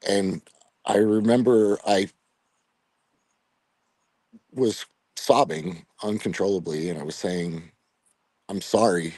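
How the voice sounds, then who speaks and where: A middle-aged man with a deep, low voice tells a painful personal story as a podcast guest. He speaks reflectively, pausing and restarting with fillers as emotion rises. The sound is dry and close, with no room around it. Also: fairly even intonation, a little mellow, no room sound. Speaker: retired Air Force veteran guest.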